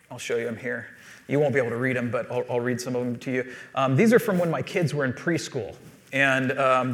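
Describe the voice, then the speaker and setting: Pastor preaching with a light conversational touch. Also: male voice, fairly high pitch, fairly bright tone. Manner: conversational storytelling with self-deprecating humor. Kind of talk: sermon.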